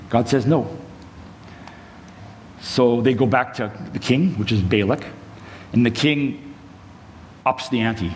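A man preaches by retelling a Bible story in a loose, conversational way, breaking off for side notes to his listeners. His voice sits at an ordinary middle pitch. A long hall reverb and faint room noise surround every phrase. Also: measured pace, long pauses, a little mellow.

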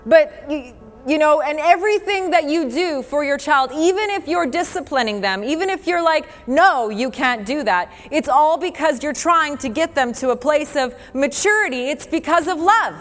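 A woman's voice: high-pitched, lively intonation, normal speed, a bit bright. A woman preacher delivering an earnest, conversational sermon, laughing now and then and quoting scripture. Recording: long hall reverb with faint music.

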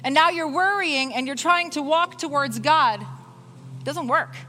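A woman preaching a sermon in an animated way, voicing Bible figures in short quoted lines. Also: sits high, unhurried, a little hiss or hum. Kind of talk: sermon with worship music.

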